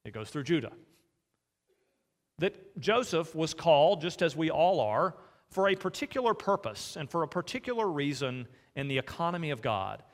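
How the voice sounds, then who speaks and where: Earnest preacher in a reverberant church. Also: male voice, on the high side, sing-song, normal speed. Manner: earnest, asks the congregation direct questions. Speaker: pastor. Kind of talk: sermon. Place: church sanctuary. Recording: long hall reverb.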